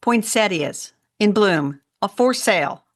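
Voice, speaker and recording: A woman from Indiana co-hosting a casual gardening podcast, telling stories in a chatty, animated way. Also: mid-range voice, slow pace. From Indiana, USA. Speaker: podcast co-host.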